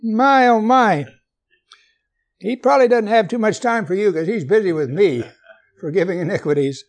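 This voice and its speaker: A man's voice: high voice, brisk. A man preaching a sermon, reading scripture aloud and asking his listeners questions, with light humor. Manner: asks the congregation questions, jokes gently.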